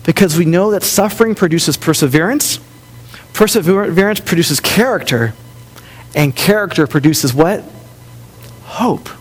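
Guy preaching a sermon, kinda high voice, tells stories, goes quiet and gentle a lot. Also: animated, a little slow, long pauses. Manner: storytelling, drops softer for tender quoted lines. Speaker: pastor.

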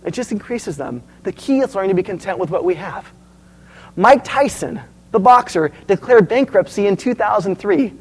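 Animated high-voiced male preacher. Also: poor audio. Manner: storytelling, animated, asks the audience questions. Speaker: pastor. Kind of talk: sermon.

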